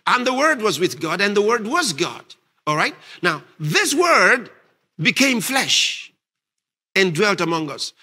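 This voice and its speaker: A male pastor preaching a sermon, reading scripture aloud and questioning his congregation, rising to emphatic shouts on key points. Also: high-pitched. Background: congregation responding.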